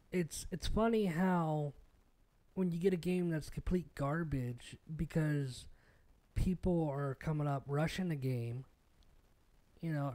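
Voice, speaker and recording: Podcast host, young man, mellow tone, slightly high pitch, casual profane rant. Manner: rambling and profane, with many fillers and restarts.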